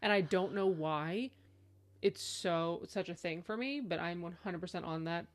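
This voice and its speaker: A woman co-hosting a book podcast in casual chat, animated and acting out quoted lines. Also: normal speed. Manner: animated storyteller, acts out quotes in high voice. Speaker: podcast co-host.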